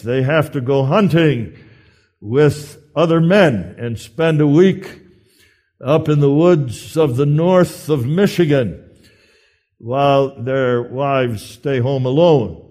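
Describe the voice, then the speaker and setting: Guy preaching, earnest and emphatic, takes his time, pauses a lot. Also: fairly high pitch, darkish tone. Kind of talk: sermon.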